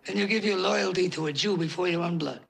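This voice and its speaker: Gravelly, bright-toned old mob boss, drunk and ranting. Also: male voice, high-pitched, fast. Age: older. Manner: blustering, ranting. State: a little drunk. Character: older drunk mob boss, belligerent and aggrieved. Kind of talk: film drama acting.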